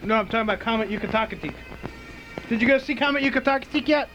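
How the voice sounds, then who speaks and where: A man's voice: very high voice, rapid-fire, bright, forceful tone, muffled recording, soft background music. A man hosting a late-night call-in radio show, teasing and joking with callers. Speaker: radio talk show host.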